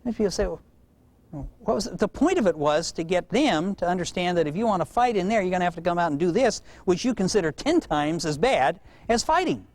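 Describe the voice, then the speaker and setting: Brief: male parenting educator, high, lively voice, warm storyteller who laughs at his own anecdotes, dry close sound. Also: a little fast, no echo. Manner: animated, acts out quoted voices, laughs at own stories. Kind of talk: storytelling lecture to a live audience.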